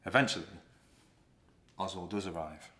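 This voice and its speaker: Low-voiced guy telling a play's story, easy and chatty. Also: normal speed. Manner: relaxed, conversational. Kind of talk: casual retelling of a play.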